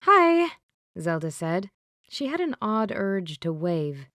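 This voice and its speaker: A woman reading a romance audiobook in an even, measured way. Her voice sits a little low and is recorded close and dry. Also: no room sound. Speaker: audiobook narrator. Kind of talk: scripted narration.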